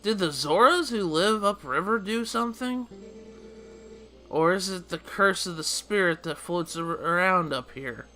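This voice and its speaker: A man's voice: sits high, a little slow, pushed and bright, faint music behind. A man reading out the lines of a grumpy, weary video game shopkeeper in a grumbling, sarcastic way.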